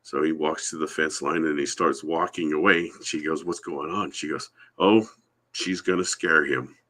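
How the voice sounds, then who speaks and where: A man's voice: very deep voice, steady tone, moderate pace, a bit bright. A man from the Yakama Reservation in Washington, telling a long rambling story as a podcast guest over a remote call. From Yakama Reservation, Washington, USA. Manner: rambling anecdotal storytelling, acts out quoted voices. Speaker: guest, Sasquatch researcher. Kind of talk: storytelling in a live podcast interview.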